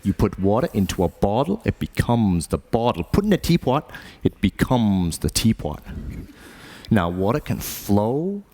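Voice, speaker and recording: A man doing an impression of a calm martial arts sage, speaking in slow, measured, deliberate phrases. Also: fairly low pitch, full character voice. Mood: calm, solemn. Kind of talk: impression of a famous martial artist.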